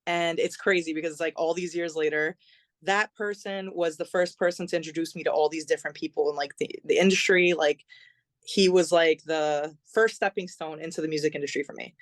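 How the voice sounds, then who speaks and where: A woman's voice: sits low, fairly even intonation, a little fast, no room sound. Chatty woman telling a story. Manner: chatty, many fillers, acts out quoted dialogue. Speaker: podcast guest, singer-songwriter. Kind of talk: conversational storytelling.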